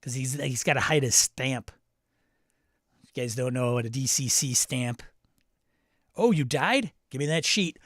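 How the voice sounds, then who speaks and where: Man, stream host, casual chat, mid pitch, dry close sound, rambling and reactive. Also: unhurried, pauses often, fairly bright tone, no echo. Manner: chatty, self-interrupting, reacts aloud to tech trouble. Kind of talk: live stream chat reading viewer comments.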